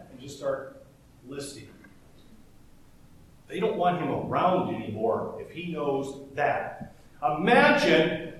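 A male pastor delivers a chatty, joking sermon in a voice high for a man. He is heard from some distance in a very echoey church, with a faint low rumble underneath. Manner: conversational, joking, animated.

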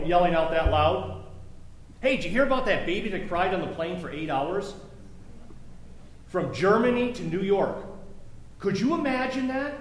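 A man's voice: high-pitched, slight background noise. A man preaching a sermon as a pastor, reading scripture and then talking conversationally with joking asides. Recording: echoey room.

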